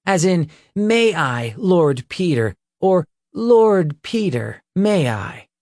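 A man's voice: high-pitched, sing-song, slow pace, darkish tone, no echo, clean studio sound, pitched above the performer's own voice, exaggerated voice. A man voicing a cruel, cocky young male leader of a forest gang in an audiobook, taunting and commanding. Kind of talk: audiobook character voice.

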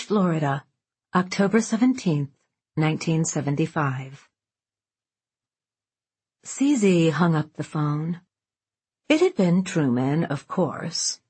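A woman reads an audiobook in a composed, wry tone. Her voice sits on the low side and has a husky texture. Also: takes it slowly, darkish tone. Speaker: audiobook narrator. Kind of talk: scripted narration.

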